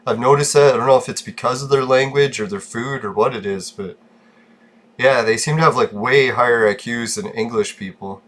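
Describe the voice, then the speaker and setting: A man's voice: medium pitch, fairly quick, a bit bright. A man hosting a gaming channel, chatting casually and rambling, swearing freely and laughing often.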